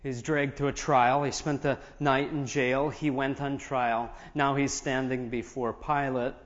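A man's voice: mid-range voice, flat delivery, measured pace. A man preaching as pastor, reading scripture aloud and explaining it in asides between the verses. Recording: dull audio with long reverb in a large hall.

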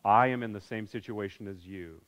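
A man's voice: steady tone, moderate pace, smooth. Preaching man in a reverberant hall. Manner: swings between loud bursts and hushed low lines. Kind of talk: sermon storytelling. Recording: reverberant hall, dull sound.

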